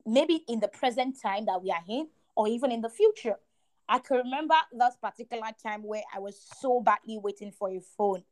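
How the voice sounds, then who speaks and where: A young adult woman co-hosting a podcast, sharing a faith testimony in an animated, emphatic way with a lot of repetition. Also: on the high side, a little fast. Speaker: podcast co-host.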